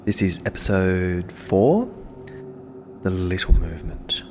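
A man co-hosting a podcast, chatting casually and animatedly. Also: deep voice. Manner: animated, chatty, quick to react. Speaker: podcast co-host. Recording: long hall reverb, faint noise.

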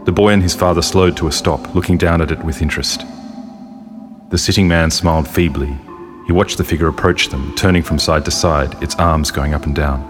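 Very deep-voiced male storyteller. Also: steady tone. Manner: measured storytelling delivery. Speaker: podcast narrator. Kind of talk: scripted story narration. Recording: long hall reverb with soft music.

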